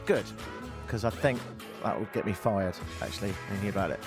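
A man hosting a talk radio show, ranting sarcastically with lively asides from a studio microphone. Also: on the low side, brisk, over music. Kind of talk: opinionated talk radio monologue.

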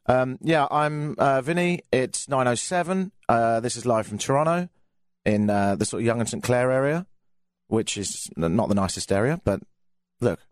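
A young English man hosts a live radio show with a casual, joking delivery. His pitch leaps up and down freely as he riffs. The sound is dry and close, with no room around it. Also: no room sound. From England. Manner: chatty and sardonic, with frequent fillers and jokey asides. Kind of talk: casual comedic radio monologue.

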